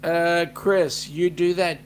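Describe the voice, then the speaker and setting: Slow-talking Australian man, higher voice. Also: fairly even intonation, slight background noise. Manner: joking, teasing. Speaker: co-host reading viewer comments. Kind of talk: casual livestream chat.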